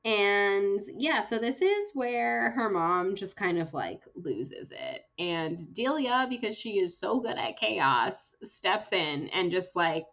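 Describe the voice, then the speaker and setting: A young woman co-hosting a casual book podcast, retelling chapters in a chatty, lively way with lots of fillers. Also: mid-range voice, slow, few pauses, highs cut off. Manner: chatty, animated storytelling with fillers. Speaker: podcast co-host.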